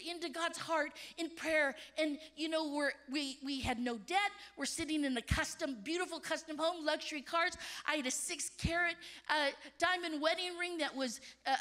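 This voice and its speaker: Animated bright-voiced woman in her fifties. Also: extremely high pitch, moderate pace, few pauses. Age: 50s. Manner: animated, emphatic, dropping to hushed tones. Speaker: missionary conference speaker. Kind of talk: conference sermon. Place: stage of a large conference hall.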